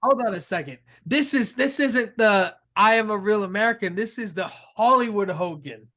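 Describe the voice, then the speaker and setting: A man co-hosting a casual wrestling talk show, excitable and gushing, quick to laugh. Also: high voice. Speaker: co-host.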